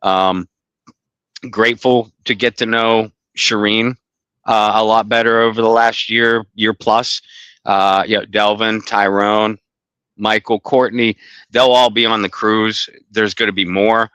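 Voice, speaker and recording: A man's voice: on the low side, little pitch movement, measured pace, fairly bright tone, smooth, dry recording, dull audio. A man co-hosting a sports podcast in casual chat, rambling with many restarts and blunt swearing. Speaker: podcast co-host.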